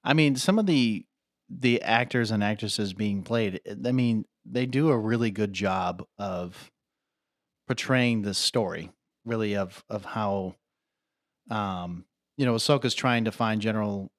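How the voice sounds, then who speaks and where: His voice is lowish and unhurried, captured in clean studio sound without echo. He co-hosts a podcast, rambling through casual chat and relying heavily on "I mean" and "like."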